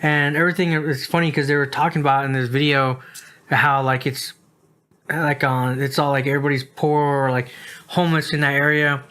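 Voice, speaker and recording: A man's voice: a little high, flat delivery, brisk, bright, forceful tone. A man from the United States co-hosts a laid-back podcast. He sounds worn out and yawny. His talk wanders and is padded with fillers. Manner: rambling, filler-heavy, says "like" and "dude" a lot. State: tired, yawning. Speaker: podcast co-host. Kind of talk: casual chat.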